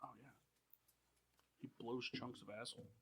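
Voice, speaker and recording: A man's voice: medium pitch, level tone, normal speed, fairly bright tone, slight background noise. A man co-hosting a casual sports podcast, arguing bluntly and swearing freely. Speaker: podcast co-host.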